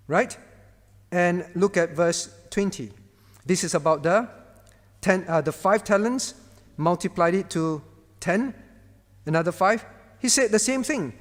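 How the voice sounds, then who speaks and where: This pastor has a high-pitched voice and a measured pace with frequent pauses, and a long reverb tail trails his words. Leading a Bible class, he calls on students by name with questions and keeps repeating his point to hammer it in.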